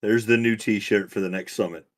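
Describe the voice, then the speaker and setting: A man's voice: lowish voice, fairly even intonation, normal speed. A man playing a tabletop role-playing game, chatting casually with crude, joking banter.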